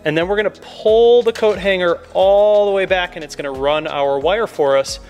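A young man with a high-pitched, darkish voice speaks at normal speed over faint background music. As a car modification vlogger, he does a casual, upbeat, step-by-step install tutorial while working inside a car. He's chatty and upbeat, addressing his viewers as "guys."

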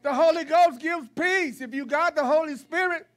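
A man preaching a sermon to his congregation in a church, folksy and blunt, driving points home with repetition and rising to shouts. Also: very high voice, normal speed. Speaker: pastor. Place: church sanctuary.

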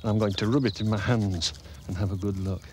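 A man presenting a children's TV show, talking gently and chattily as he explains things to children. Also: lowish voice, steady tone, brisk, a little hiss or hum.

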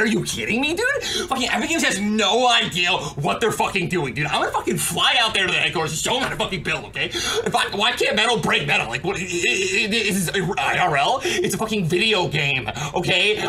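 Rapid-fire ranting male gamer. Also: high voice, sharp tone. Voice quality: rapid, half-laughing, profane complaining. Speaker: livestreaming gamer. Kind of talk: fast venting rant while streaming.

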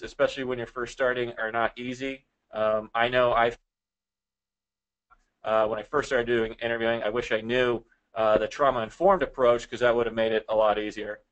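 A man in law enforcement presenting a training webinar in a relaxed way, with many fillers. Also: medium pitch, rough recording.

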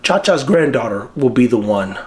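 Animated, slangy man with a lively voice. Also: mid-range voice, moderate pace. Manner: animated, slangy, laughs often. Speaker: dog breeder and channel host. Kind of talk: casual talk to camera.

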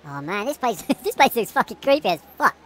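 A woman's voice: on the high side, big pitch swings, a little fast, a little hiss or hum. A woman giving nervous, jumpy commentary while playing a horror game, swearing often and laughing through the fear. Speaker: let's play gamer.

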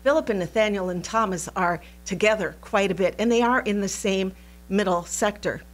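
Animated woman teaching a Bible lesson. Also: mid-range voice, normal speed. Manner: animated, playful, laughs often. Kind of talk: recorded Bible study lesson.

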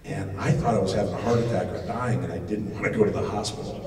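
A man's voice: fairly low pitch, fast, a crowd in the background. Middle-aged man joking in an echoey hall. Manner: animated, joking, acts out quotes with loud outbursts. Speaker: paranormal TV host giving a lecture. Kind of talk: storytelling talk to a live audience. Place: large expo hall. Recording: echoey hall, distant mic, noisy.

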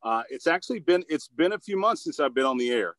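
A man's voice: fairly high pitch, lively intonation, fast, a bit bright, no echo. A man who is a voice actor and commercial producer, answering interview questions in an upbeat, goofy way, with lots of fillers and restarts. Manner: upbeat and goofy, with many fillers and repeated starts.

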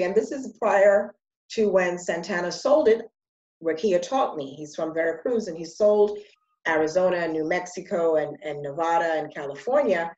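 A woman's voice: lowish voice, a little mellow, echoey room, dull audio. A woman hosting a conversational interview, chatting, affirming and explaining. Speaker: host.

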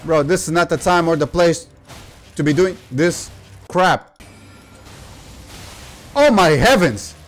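A man giving excitable let's play commentary, swearing and ranting at the game. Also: a little high, measured pace. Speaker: gaming youtuber. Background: faint game music.

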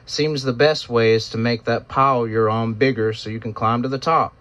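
A man's voice: medium pitch, fairly even intonation, normal speed, a bit bright, dry recording, natural voice. A man voicing a rueful, ironic male rescuer. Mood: practical. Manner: dry, ironic, practical. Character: weary rueful male survivor, a rescuer digging from above. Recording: dull lo-fi recording.

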